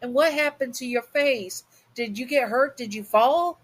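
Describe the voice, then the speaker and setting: A woman's voice: high voice, a little slow, voice pushed up. A woman voicing a fretful, doting middle-aged mother, anxious and gushing, in a fan audio story. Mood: worried.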